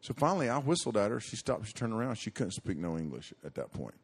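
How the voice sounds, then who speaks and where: A man's voice: fairly low pitch, very animated, quick pace, slightly rough. A middle-aged man preaching to young people, telling a story in a folksy, rambling way with many restarts and fillers.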